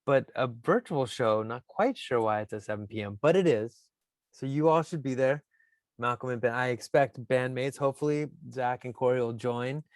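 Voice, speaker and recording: A man hosting a podcast in casual chat, animated and playful with lots of fillers. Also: medium pitch, normal speed, dry recording, studio quality. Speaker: podcast host.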